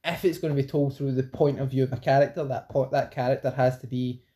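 A woman's voice: rumbling low, fairly even intonation, fast, mellow. A woman co-hosting a podcast, teasing her partner with chuckling banter in casual chat. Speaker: podcast co-host.

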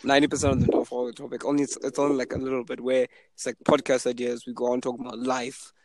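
A young man hosts a podcast, chatting casually and telling stories, and he acts out the people he quotes in a higher voice. His delivery is rapid-fire with little pitch movement, and his tone is a little mellow. The recording is dry and low quality.

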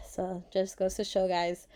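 A woman's voice: mid-range voice, flat delivery, slow, a little mellow. A woman giving a casual Bible devotional reading, reflective and earnest, with many fillers, who talks openly about feeling emotional and grateful. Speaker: Bible study vlogger.

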